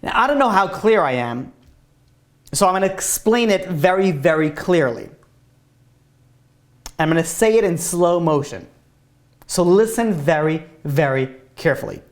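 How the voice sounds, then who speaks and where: A man's voice: fairly high pitch, big pitch swings, moderate pace, pauses often. A man giving an informal Torah class as a rabbi, talking emphatically and repeating his point, with a loose, casual way of speaking full of "like.". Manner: emphatic, repetitive, casual with many "like" fillers.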